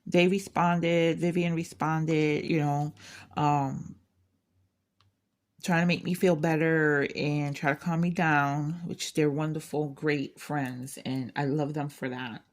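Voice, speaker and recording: A woman's voice: deep voice, little pitch movement, slow pace. A woman hosting a craft channel, chatting casually and venting candidly, rambling with frequent restarts. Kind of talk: casual chat.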